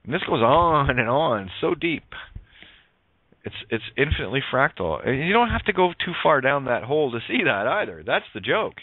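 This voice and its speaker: A man's voice: mid-range voice, big pitch swings, normal speed, no echo. A man hosting a talk radio show, delivering an emphatic, sarcastic, preachy spiritual monologue full of wordplay and swearing. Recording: tinny phone-line radio audio.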